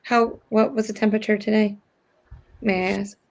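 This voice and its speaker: A woman's voice: medium pitch, level tone, normal speed. A woman in casual chat, asking hesitant, rambling questions with many fillers.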